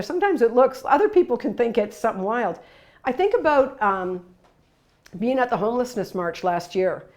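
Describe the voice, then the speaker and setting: Woman giving a talk, chatty and punchy, keeps saying right?, gets loud in bursts. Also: medium pitch. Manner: emphatic, conversational, frequent tag questions; lively storytelling with sudden bursts of loudness. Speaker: workshop presenter. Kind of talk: presentation to workers.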